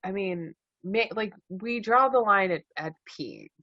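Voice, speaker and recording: A young woman co-hosting a casual podcast, animated, jokey and swearing as she rants. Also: mid-range voice, measured pace, no echo. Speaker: podcast co-host. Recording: dull lo-fi dry sound.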